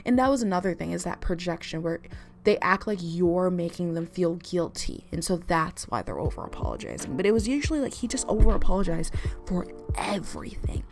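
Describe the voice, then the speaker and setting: Chatty low-voiced woman vlogger. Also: lively intonation, a little fast, soft background music. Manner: chatty, rambling, full of "like" fillers. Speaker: vlogger giving relationship advice. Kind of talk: casual advice talk to camera.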